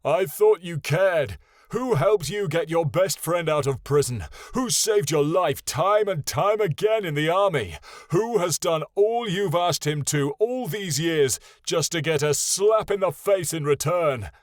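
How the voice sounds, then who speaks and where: A man voicing a proud, wounded male dragon who shouts in booming fury. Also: animated, measured pace, no echo, clean studio sound. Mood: furious.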